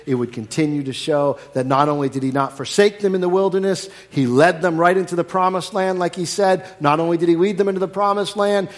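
A man delivers a sermon in a voice pitched a little above the usual male range. He swings between loud, emphatic bursts and quiet, hushed lines, and he often puts rhetorical questions to his listeners. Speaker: pastor.

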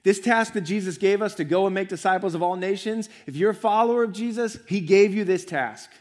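A man's voice: sits high, a little fast, a little mellow. Earnest man preaching a sermon. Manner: earnest, repetitive preaching with rising emphasis. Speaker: pastor. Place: church.

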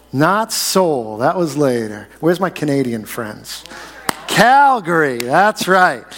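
A man in his forties, a pastor giving a sermon, chatting with the congregation and slowing down to stress key phrases. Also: a little high. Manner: conversational, asks the congregation questions, slows to stress key phrases. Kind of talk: sermon with jokes and a story. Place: church sanctuary. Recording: long reverb of a church hall.

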